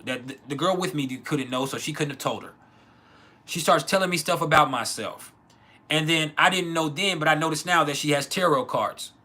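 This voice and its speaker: A man's voice: on the high side, pushed and bright. A man hosting his own channel, telling a personal story in a candid, profane, rambling way with many restarts. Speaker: channel host.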